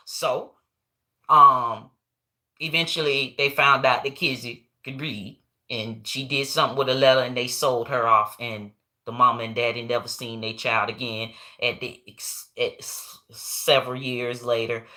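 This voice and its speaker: Comic host, woman, low but bright voice, animated and profane storytelling. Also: a little slow. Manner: animated, profane, laughing often. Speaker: comedy show host. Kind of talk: casual storytelling rant.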